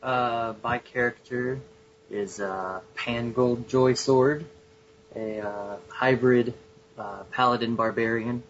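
A man's voice: mid-range voice, steady tone, takes it slowly, dull audio, a little hiss or hum. A man playing a tabletop game, describing his character hesitantly with many fillers. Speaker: player. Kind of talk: casual tabletop game talk.

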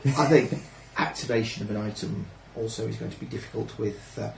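A man's voice: fairly low pitch, fairly even intonation, a little fast, gravelly, darkish tone. A man running a tabletop game as game master, making calls in a dry, matter-of-fact way. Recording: echoey room with background hiss.

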